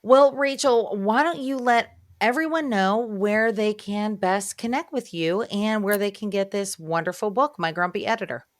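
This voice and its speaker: A woman in her thirties hosting a podcast interview. She talks in a chatty, animated way, like someone telling a story to a friend. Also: mid-range voice, normal speed, few pauses, no room sound, studio quality. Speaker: podcast host.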